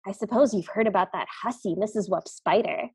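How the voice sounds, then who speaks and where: A woman's voice: fairly quick, warm tone, husky, no room sound. A woman putting on a gossiping spider lady. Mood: gossipy. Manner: low, conspiratorial gossip.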